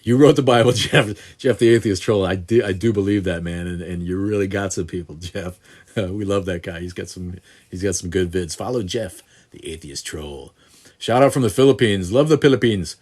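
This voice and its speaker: A man's voice: deep voice, brisk, a little mellow, slightly rough. A man in his sixties hosting a casual live-stream Q&A, answering viewers in a rambling, profane way with many restarts. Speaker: host answering viewer questions. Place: home studio in southeast Wisconsin.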